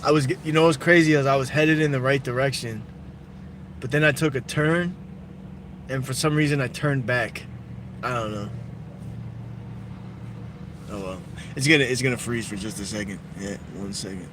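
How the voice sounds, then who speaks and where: A man's voice: mid-range voice, moderate pace, long pauses, background noise. Young man streaming from his car. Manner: loose, profane storytelling. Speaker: livestreamer. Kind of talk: casual live-stream chat while driving. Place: inside a car at night.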